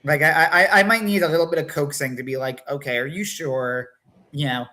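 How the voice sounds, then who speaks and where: A man co-hosting a casual livestream talk, animated, acting out quotes between many fillers. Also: on the high side, fast. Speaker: podcast co-host.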